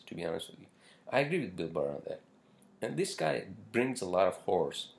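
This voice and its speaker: Gravelly, rambling, cursing man. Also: deep voice, sing-song, fairly quick. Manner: rambling, profane, many fillers. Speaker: podcast host. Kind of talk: casual solo podcast rant.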